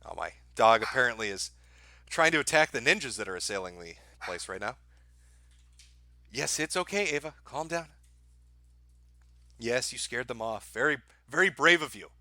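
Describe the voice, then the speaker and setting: A man's voice: medium pitch, lively intonation, normal speed, pauses often, sharp tone. A man hosting a live stream from home, giving dry, sarcastic mock praise, swearing now and then and laughing at his own jokes. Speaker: livestream host. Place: home, dogs barking nearby.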